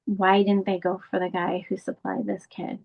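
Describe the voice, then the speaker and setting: Her gravelly voice comes through lo-fi sound, monotone and moderately paced. A bereaved mother and advocate appearing as a guest, this middle-aged woman candidly and earnestly recounts a painful family story, her pitch climbing in emotional moments.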